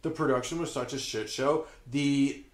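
A man's voice: medium pitch, fairly even intonation, moderate pace. Rambling man sharing trivia in an echoey room. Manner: rambling, self-correcting, trivia-minded. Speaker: podcast co-host. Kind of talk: casual comedic chat.

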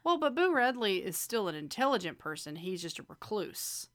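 A woman chats casually as a co-host, with a bright, sharp tone. She talks freely, full of fillers, and laughs often. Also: mid-range voice, very animated, normal speed. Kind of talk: casual chat.

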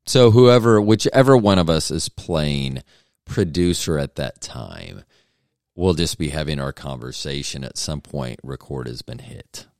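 A man's voice: very deep voice, unhurried, darkish tone, no echo, studio quality. A man hosting a solo podcast, rambling through jokes and self-deprecating asides. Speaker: podcast host.

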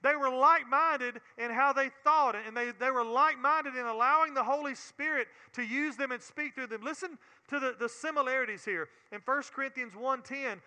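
A man's voice: very high voice, moderate pace, hardly any pauses, pushed and bright, smooth, long reverb tail. A man with a Southern US accent teaching a Bible sermon in an earnest way, often repeating words and building to emphatic preaching.

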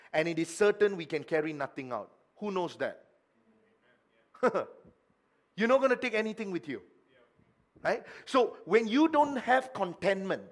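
A male pastor preaching a midweek sermon, asking the congregation questions and stressing his points. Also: sits high.

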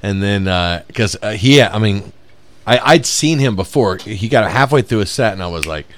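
A man's voice: on the low side, expressive, moderate pace. A man casually telling a rambling, profane story on a podcast, laughing as he goes. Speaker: podcast host.

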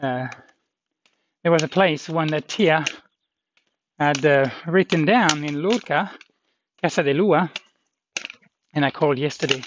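Man, slightly high voice, rambling walk-and-talk vlog outdoors, halting delivery, dull lo-fi sound with faint hiss. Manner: rambling, halting, many fillers. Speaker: walking pilgrim vlogger. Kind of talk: casual walking vlog. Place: outdoors on a hilly trail.

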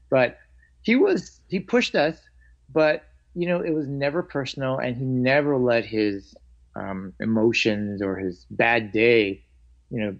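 Man telling stories, dull lo-fi sound. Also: medium pitch. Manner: animated, acts out quoted lines. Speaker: martial arts instructor. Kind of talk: storytelling in a conversation. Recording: dull lo-fi audio.

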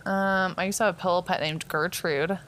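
A young woman chatting on a podcast with a bright, forward tone. She giggles a lot and swears casually. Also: fairly low pitch, steady tone, a little fast, a little hiss or hum. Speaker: podcast co-host.

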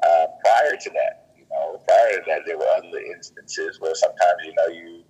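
A man's voice: low-pitched, moderate pace, a little mellow, husky, poor audio. A man in casual faith talk, earnest and preachy, often repeating his words as he goes.

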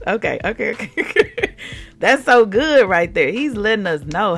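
Woman doing a faith podcast, gravelly voice, really expressive, soft music under it. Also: medium pitch, slow pace. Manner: animated, expressive, acts out quotes. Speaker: podcast host. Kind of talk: devotional faith podcast talk.

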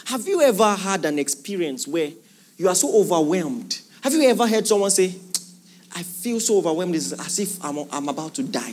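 Male preacher, animated sermon delivery, high and very expressive pitch. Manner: animated preaching, rhetorical questions to the congregation. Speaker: pastor.

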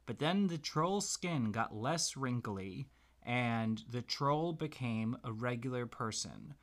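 A man gently making up a bedtime story for his child, pausing as he thinks of what comes next. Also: medium pitch, expressive. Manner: gentle, unhurried, makes the tale up as he goes. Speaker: parent telling a story.

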